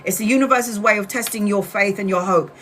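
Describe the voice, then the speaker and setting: A woman's voice: mid-range voice, a little fast, a bit bright, slight background noise. A woman doing a casual live-stream tarot reading, blunt and chatty, with the odd swear word. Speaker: tarot reader.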